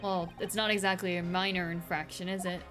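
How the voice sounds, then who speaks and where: A woman's voice: on the low side, little pitch movement, a little fast, fairly bright tone, faint music behind, natural voice. A woman reading the lines of a courteous, earnest young male defense lawyer in a game.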